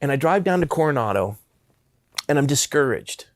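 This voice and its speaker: A man's voice: a little high, expressive, moderate pace, dry recording. A man in his fifties, a pastor from Southern California, earnestly telling personal stories in an interview. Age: 50s. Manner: earnest, impassioned.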